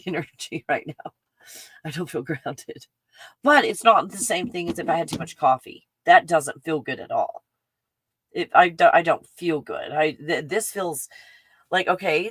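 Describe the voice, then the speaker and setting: A chatty woman with a Texan accent rambles excitedly through a casual livestream, her voice sitting fairly low. She piles on fillers as she talks. The sound is close and dry, with no room echo. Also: slightly rough. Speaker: livestream host. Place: home in the mountains.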